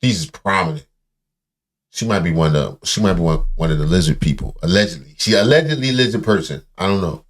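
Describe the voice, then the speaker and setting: A man's voice: sits low, expressive, fairly quick. A man giving mocking, joking commentary on an interview clip, with sarcastic asides. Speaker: reaction commentator.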